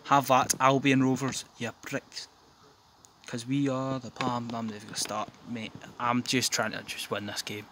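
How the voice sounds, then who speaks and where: A young man giving excitable, sweary, jokey commentary on his football game from his back garden, breaking into yells. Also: medium pitch, normal speed, hardly any pauses, background noise. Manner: sweary, jokey, bursts into yelling. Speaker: gaming commentator.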